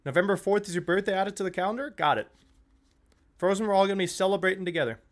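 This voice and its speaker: A man's voice: high voice, rapid-fire. A young man hosting a live football watch-along stream, chatting casually, swearing freely and getting worked up over the play. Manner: excitable, swears freely, shouts and laughs at goals.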